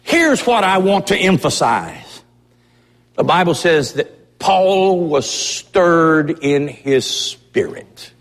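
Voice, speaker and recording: A male pastor delivers a fervent sermon in a notably high voice, pressing each point with emphasis. He takes his time, unhurried and drawn out, while his words ring through a church with a long, lingering reverb. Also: sing-song. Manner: impassioned, emphatic preaching. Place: church sanctuary.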